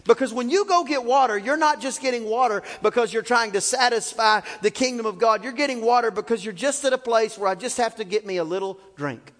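A man's voice: very high voice, fairly quick, hardly any pauses, fairly bright tone. A male pastor preaching a fervent, storytelling sermon with frequent exclamations, in a library used for church. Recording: long reverb in a library.

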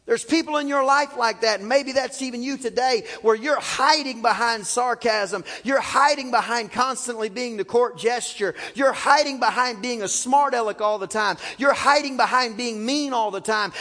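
A man's voice: very high-pitched, moderate pace, hardly any pauses, a bit bright. A male pastor preaching a fervent, storytelling sermon with frequent exclamations, in a library used for church. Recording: long reverb in a library.

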